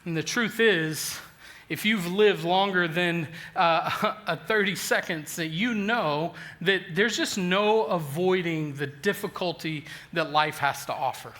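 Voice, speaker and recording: A man in his forties preaching a sermon, telling a funny personal story with lively self-deprecating humor and frequent restarts. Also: sits high, unhurried. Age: 40s. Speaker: pastor.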